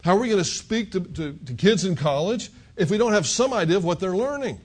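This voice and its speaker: A man's voice: high voice, animated, fairly quick, darkish tone, breathy edge. A male pastor preaching an expository sermon in a conversational, emphatic way, full of rhetorical questions.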